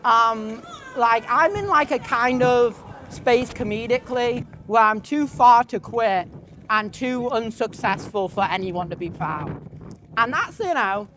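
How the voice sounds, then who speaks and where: A young man, a comedian and tour guide, rambling in a gloomy, self-deprecating deadpan and swearing freely, outdoors on a busy city street. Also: very high-pitched, measured pace, rough recording. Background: traffic and street noise.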